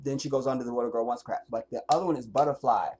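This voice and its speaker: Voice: mid-range voice, very fast, darkish tone, a little hiss or hum. Blunt, profane livestreamer. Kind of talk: livestream rant.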